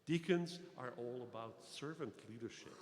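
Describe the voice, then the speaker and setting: Guy preaching a sermon, mid pitch, long echo off the cathedral walls. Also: slight background noise. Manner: measured, pausing with fillers, rising emphasis on key phrases. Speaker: deacon and archdeacon preaching.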